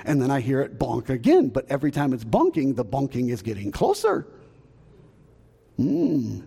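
A middle-aged man with a Southern American accent, preaching as a pastor and telling a story with acted-out shouts and sounds. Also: medium pitch, moderate pace, vocal fry, slightly rough, long reverb tail. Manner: animated, acts out shouts and sounds, chuckles at his own jokes. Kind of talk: storytelling sermon. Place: church sanctuary.

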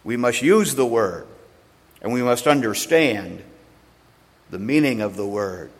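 A man preaching an expository sermon, slow and deliberate, pausing between phrases and leaning hard on single words. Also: mid-range voice. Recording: long hall reverb.

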